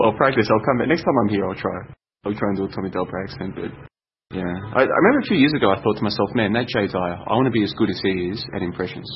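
A young Australian man talks on his own show in a loose, rambling way, circling back on his points with plenty of fillers. His voice sits a little low. The recording is dull and lo-fi, with a faint hiss behind him. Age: young adult. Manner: rambling, chatty, thinks aloud with fillers. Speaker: podcast host. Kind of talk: casual solo talk. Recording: dull lo-fi sound with faint noise.

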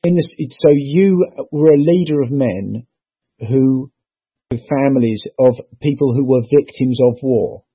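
A man's voice: medium pitch, a little slow, husky, no room sound. A man interviewing a guest, speaking hesitantly, stumbling and restarting his questions. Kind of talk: casual conversation. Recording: dull lo-fi sound.

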